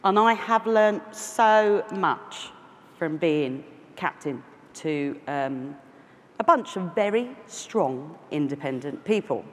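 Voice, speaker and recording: Speaking slowly and expressively in a deep voice, this keynote speaker is a woman in her forties from London with a London accent. Her talk in a large conference hall keeps looping into self-deprecating asides and fresh starts, and the audio carries hall echo and faint noise.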